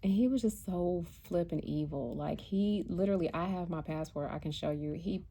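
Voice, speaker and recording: A chatty American woman tells a story from her travels, her voice low and gravelly. She talks casually and animatedly, slipping into the voices of the people she met. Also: normal speed. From United States. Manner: chatty, animated, acts out quotes. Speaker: vlogger and spiritual card reader.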